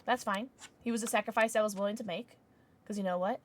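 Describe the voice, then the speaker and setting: A woman streamer chatting casually while playing chess, excitable and giggly, with squeals and hushed mutters. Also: medium pitch, fast talker.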